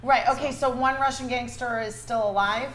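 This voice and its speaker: A woman's voice: on the high side, steady tone, normal speed, a bit bright, echoey room. A woman playing in a tabletop game, eager and upbeat. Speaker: player. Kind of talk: tabletop role-play.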